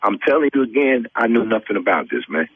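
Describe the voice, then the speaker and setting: A man defending himself in a heated phone call, peppering every line with "man" and "dude". His voice sits a bit low and a little husky. The sound is dry and narrow, like a phone line. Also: very animated, fast talker, no room sound. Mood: defensive.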